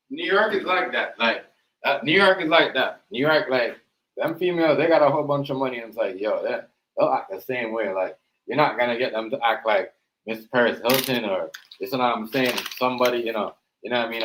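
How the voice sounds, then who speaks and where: A man's voice: mid-range voice, pushed and bright, echoey room, low-quality recording. A man hosting a casual reaction stream, rambling with many fillers and repeated words. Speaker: stream host.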